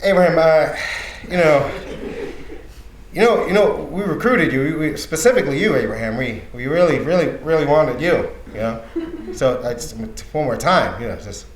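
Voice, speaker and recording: A man voicing an exasperated male school program director, halting with many uhs, in a roomy echoey room. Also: on the high side, expressive, recorded from a distance, a little hiss or hum, natural voice. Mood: coaxing.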